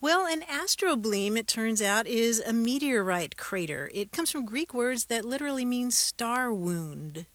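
A woman's voice: a little high, animated, a little slow, hardly any pauses, a bit bright, no room sound. A woman co-hosting a radio talk show, explaining word meanings with light laughs.

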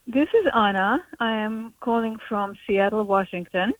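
A woman's voice: mid-range voice, normal speed, dry recording, poor audio. Woman calling in. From Hungary. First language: Hungarian. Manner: hesitant, with many fillers. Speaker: caller. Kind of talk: call-in storytelling. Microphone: telephone call.

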